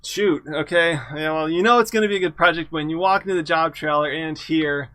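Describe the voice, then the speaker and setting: Speaking a little high and fairly quickly, in a sharp tone with no echo, a middle-aged man lectures through an engineering exam review. He's conversational and self-correcting, and he weaves in anecdotes with dry humor about projects he's worked on.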